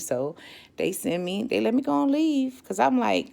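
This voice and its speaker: A woman's voice: mid-range voice, a little slow, creaky. A woman, casually telling her own story and acting out what people said. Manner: lively, acts out quotes with animated voices.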